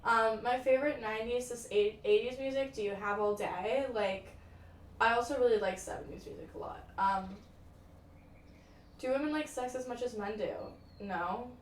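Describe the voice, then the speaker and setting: Young woman, livestreamer, dramatic chatty talk, slightly high voice, roomy echo, set back from the mic. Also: moderate pace. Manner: chatty, dramatic, swears freely, many "like" and "um" fillers. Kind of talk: casual chat, answering viewer comments. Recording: roomy echo, distant from the mic, faint ambient noise.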